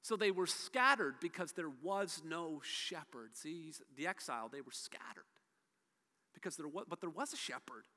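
A man preaching a sermon as a pastor, emphatic, his voice swinging from soft to loud. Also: a little high, expressive, normal speed, big-room sound.

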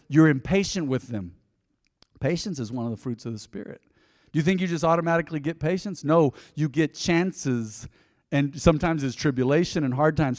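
A man in his forties preaching a sermon to his congregation, folksy and direct, swinging between loud emphasis and quiet intensity. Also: a little high. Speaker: pastor. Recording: long hall reverb.

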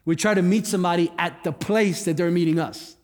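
Male guest pastor, higher register, conversational sermon with jokes; long hall reverb, faint music under. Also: steady tone, brisk. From Cuba. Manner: conversational, joking asides. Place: church hall.

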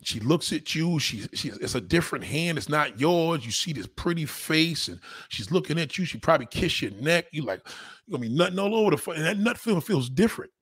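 A man in a blunt, crude, rambling monologue, talking fast and casually. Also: fairly high pitch, animated, fairly bright tone, breathy edge, no echo, studio quality.

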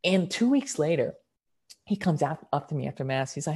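Young man, podcast guest; lively, enthusiastic storyteller with sudden bursts of energy. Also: on the high side, husky. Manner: animated, excited storytelling with quick bursts. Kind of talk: storytelling in casual conversation.

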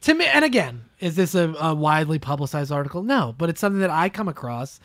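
Ranting podcast host, dry close mic. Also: male voice, on the high side, quick pace, dry recording. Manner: ranting, animated, sarcastic. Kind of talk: casual political chat. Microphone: close studio mic.

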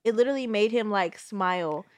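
A woman's voice: medium pitch, fairly quick, no echo. A young woman in her twenties casually telling a long personal story and acting out the quotes. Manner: animated, acts out quotes. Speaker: guest.

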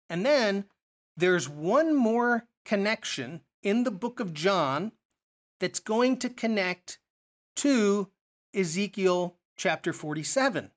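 A man teaching a Bible study lesson, explaining verses and asking rhetorical questions as he goes. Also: high-pitched.

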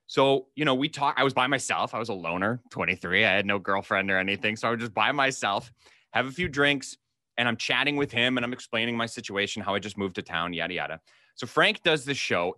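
A man's voice: lowish voice, no echo, clean studio sound. A man in his thirties hosting a casual podcast chat, telling an anecdote and acting out the people in it. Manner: animated anecdote teller, acts out quoted voices. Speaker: podcast host.

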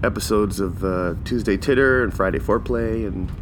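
A man hosting a podcast, telling a rambling, animated story in a casual solo monologue. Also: fairly low pitch, normal speed, noisy background. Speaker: podcast host.

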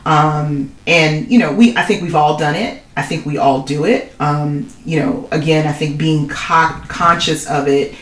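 A woman's voice: low voice, a little slow, few pauses, far from the mic. A woman co-hosting a chat podcast, speaking frankly and loosely, with the odd swear. Her voice sits off the mic and rings in a roomy space. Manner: frequent affirmations, conversational, occasional swearing. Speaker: podcast co-host. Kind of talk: casual chat.

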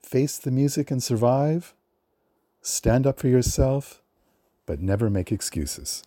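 A man reading a prepared film history at a measured storytelling pace, lifting his voice for the quotes he reads. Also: medium pitch, animated, mellow, no room sound. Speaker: film librarian guest.

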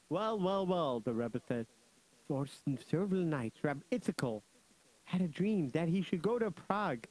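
A young man hosting a children's radio show, joking, laughing often and telling stories in an animated way. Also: a little high, low-quality recording. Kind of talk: playful storytelling for kids.

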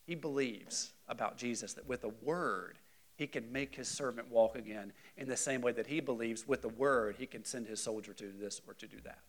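Leading a Bible study class, a man talks a little fast in a medium-pitched voice, keeping things conversational and lively. He frequently checks in with his group and rises in volume for emphasis.

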